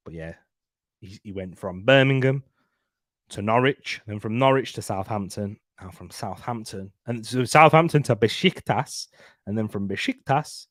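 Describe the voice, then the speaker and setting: A man's voice: fairly low pitch, no room sound, clean studio sound. A young man hosting a live football watchalong, chatting and laughing through casual match commentary. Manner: chatty, laughs often, banter. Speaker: watchalong host.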